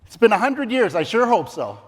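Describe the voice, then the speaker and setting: A man's voice: high-pitched, very animated, a little fast. A middle-aged man delivering a theatrical, comic story speech in a competition in a large ballroom. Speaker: contest speaker. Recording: reverberant ballroom.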